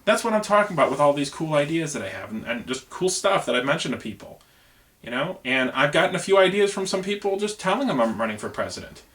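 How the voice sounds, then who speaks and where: A man speaks casually to the camera, sincere and a little scattered, his sentences looping back with "you know" as he explains his plans. His voice sits a touch high for a man. He sounds like an ordinary working guy making his own campaign video. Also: sing-song, fast, fairly bright tone. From United States. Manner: earnest, rambling, conversational, many "you know"s. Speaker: truck driver running for president.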